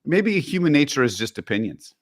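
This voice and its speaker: A man's voice: a little high, big pitch swings, fairly quick. A man co-hosting a podcast in casual chat, rambling with restarts and asides. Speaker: podcast co-host.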